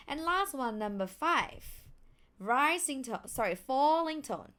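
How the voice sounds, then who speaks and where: A young woman with a Thai accent teaching pronunciation, acting out sounds with big swings in pitch. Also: big pitch swings, slow, a bit bright. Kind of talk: pronunciation lesson.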